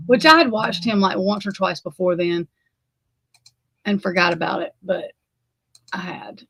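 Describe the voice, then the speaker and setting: A woman's voice: medium pitch, a little slow, vocal fry, pauses often, a bit bright, slight background noise. A woman with an Alabama accent hosting a casual chat, rambling and swearing freely. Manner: rambling and profane, with frequent swearing. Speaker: host.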